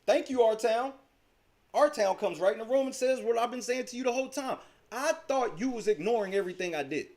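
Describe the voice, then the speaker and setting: A man's voice: very high-pitched, fairly quick, a little mellow. A man hosting a livestream, arguing heatedly in a profane, taunting and mocking way. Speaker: livestream host.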